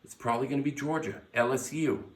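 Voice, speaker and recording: A man's voice: mid-range voice, steady tone, fast. A brash, blunt man hosting his own sports talk show, swearing freely and firing off picks. He sits back from the mic in his garage, so his voice bounces around the room. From United States. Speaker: sports podcast host. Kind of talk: casual sports commentary. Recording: echoey garage, mic at a distance.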